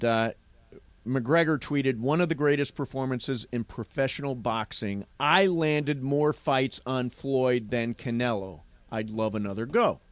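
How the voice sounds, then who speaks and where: A man's voice: on the high side, dry recording. A man hosting a sports talk radio show, chatting casually and joking with his co-hosts.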